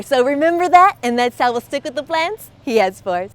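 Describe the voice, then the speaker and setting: A middle-aged woman hosting a devotional encouragement show, talking to the camera in a warm, conversational way, laughing often and acting out quotes. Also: high voice, expressive, brisk, hardly any pauses. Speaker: host of a faith encouragement show.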